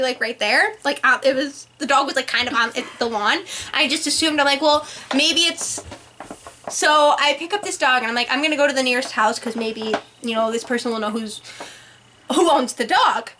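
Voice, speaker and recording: A teenage girl telling an embarrassing story to friends in casual chat, giggly and animated, with lots of "like". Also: high voice, slight background noise. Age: teens.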